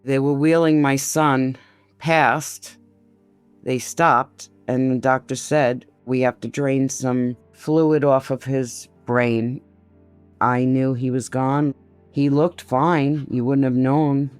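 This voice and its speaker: A woman in her sixties tells a painful story slowly and with heavy grief, often quoting what others said. Her voice is smooth and resonant. It is recorded close and dry, with faint music underneath. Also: very deep voice, fairly even intonation, darkish tone, no room sound. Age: 60s. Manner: slow, grief-laden retelling, quoting others' words. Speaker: interviewee. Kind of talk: personal testimony.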